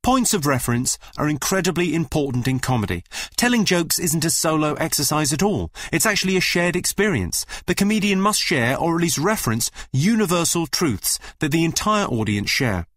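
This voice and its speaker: A man hosts a comedy radio show with deadpan, dry wit. His voice sits slightly high and swings widely in pitch. The studio sound is close and dry, with no room in it. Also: a little fast, no echo. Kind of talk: scripted radio presenting.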